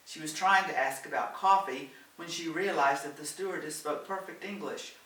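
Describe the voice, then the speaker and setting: A man reading a novel aloud in a steady, gentle storytelling manner. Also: a little high, normal speed. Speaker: audiobook reader. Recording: roomy, distant, faint hiss.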